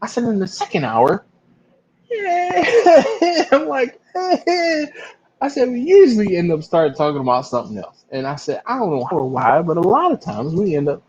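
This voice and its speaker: A man's voice: sing-song, fast talker, few pauses, darkish tone, husky. Chatty man telling stories. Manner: storytelling, acts out other people with big jumps in pitch. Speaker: barbecue channel host. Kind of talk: casual live-stream chat. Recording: slightly dull lo-fi live stream.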